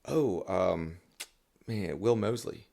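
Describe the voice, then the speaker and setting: A man's voice: deep voice, lively intonation, slow, vocal fry, warm tone. A man talking as a songwriter guest on a podcast, rambling casually with many restarts and fillers.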